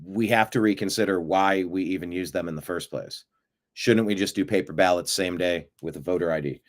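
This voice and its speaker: A man hosting a live-streamed political commentary show, talking in an animated way with sarcastic asides and frequent fillers. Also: sits low, a little fast. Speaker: host of a political news show.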